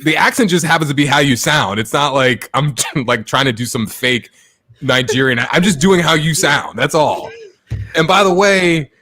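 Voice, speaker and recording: A man's voice: fairly high pitch, normal speed, no room sound, clean studio sound. A man hosting a podcast in casual chat, telling stories with lots of fillers and laughter. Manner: lively storytelling, lots of "like", laughing. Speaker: podcast host.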